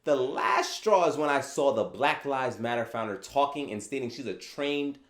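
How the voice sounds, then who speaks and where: A man hosting his own opinion commentary vlog, animated and sarcastic, asking rhetorical questions. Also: medium pitch, normal speed. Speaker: channel host. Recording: echoey room.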